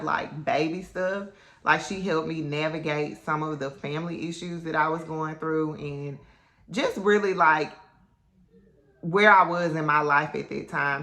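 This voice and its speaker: A woman's voice: deep voice, sharp tone. A woman telling her own story to camera in a candid, chatty way, with lots of ums and likes. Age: adult mother. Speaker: vlogger. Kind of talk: casual personal storytelling to camera.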